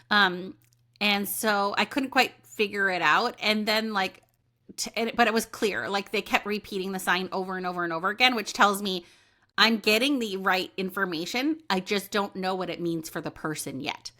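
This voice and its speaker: A woman's voice: mid-range voice, moderate pace, sharp tone. A woman hosting a solo podcast, chatting casually and animatedly about intuition and readings, often acting out what people say. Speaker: podcast host and intuitive medium.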